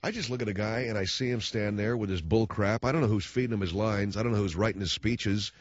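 A man's voice: on the low side, fast, dry recording, muffled recording. A man hosting a talk radio show, ranting about politics in a sarcastic, mocking way.

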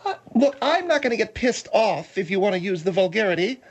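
A man's voice: high-pitched, very animated, a little fast, dull audio, voice pushed up. A man voicing a fussy, easily offended woman guest in a comedy radio bit. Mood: indignant.

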